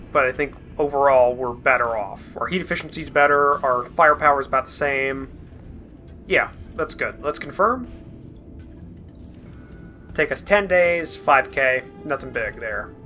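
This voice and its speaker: A man hosting a let's play, thinking aloud in relaxed, chatty gameplay commentary. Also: medium pitch.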